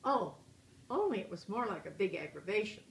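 An older woman reading a picture book aloud to children, pausing to ask them questions and point out good manners. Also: medium pitch, very animated, gravelly. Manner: asks children questions, gently moralizing. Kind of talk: picture book read-aloud with asides to kids. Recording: roomy echo, faint hiss.

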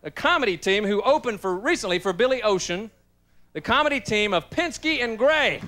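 A man's voice: high-pitched, animated, normal speed, pushed and bright. A man doing stand-up comedy as emcee in a club, telling folksy stories about his father.

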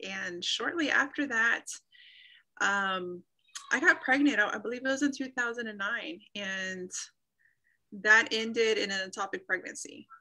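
Over a video call, a woman in her thirties earnestly shares her personal faith testimony, acting out the remarks she quotes. Her medium-pitched voice is pushed and bright, a little slow, and the recording is rough.

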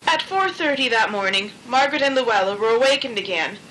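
High, bright woman reading a storybook. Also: animated, a little fast, slight background noise, rough recording.

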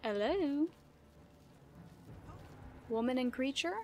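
A woman giving casual gameplay commentary, playful and easily startled, laughing often and yelling at enemies. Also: sits high, expressive, slow pace, a little hiss or hum. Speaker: gaming video creator.

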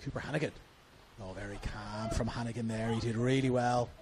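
A man's voice: medium pitch, fairly even intonation, fairly quick, background noise. A man with an Australian accent giving live football match commentary from a commentary box at the ground, rising with the action.

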